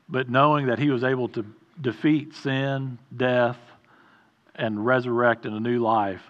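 Halting, conversational male preacher. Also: medium pitch, a bit bright, lo-fi sound. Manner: conversational, halting with restarts and asides. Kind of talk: informal sermon.

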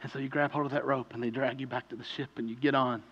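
A man preaching a sermon in a conversational way, telling vivid stories and building to loud pleading peaks. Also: mid-range voice, flat delivery, fast talker, breathy edge, muffled recording. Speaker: pastor.

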